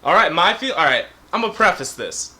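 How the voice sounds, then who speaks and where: A man with a high, very animated voice that leaps around as he talks. His tone is bright and sharp, and he puts on an exaggerated radio-host delivery. He swears constantly in a loose, casual chat about a movie. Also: brisk.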